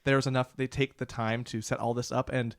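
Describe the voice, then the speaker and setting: A man of middle pitch talking in excited bursts in a casual chat. The sound is dry and close, with no room around it. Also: dry recording. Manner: excitable, rapid bursts, laughs loudly.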